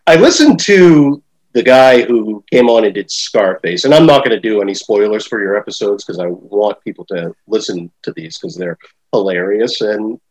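A man's voice: lowish voice, lively intonation, normal speed, a little mellow, poor audio. A middle-aged man hosting a podcast interview, talking in a hesitant, rambling way with lots of fillers. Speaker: podcast host. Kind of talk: casual interview chat.

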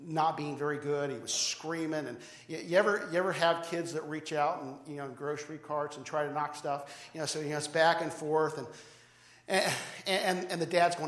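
A man's voice: fairly high pitch, steady tone, a little fast, a bit bright, roomy sound. A man preaching a sermon to his church, talking conversationally and often repeating words and restarting phrases. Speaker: pastor. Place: church sanctuary.

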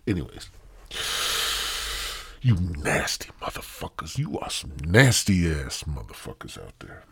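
A man's voice: deep voice, big pitch swings, a little slow, a bit bright, slightly rough. A man hosting a podcast in a rambling, crude, goofy monologue full of swearing. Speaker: podcast host.

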